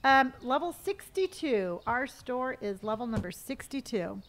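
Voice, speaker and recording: A woman's voice: on the high side, expressive, measured pace. A middle-aged woman from California, streaming a game live, chatting casually, reading viewer comments aloud and muttering to herself as she plays. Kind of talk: casual live-stream chat while gaming.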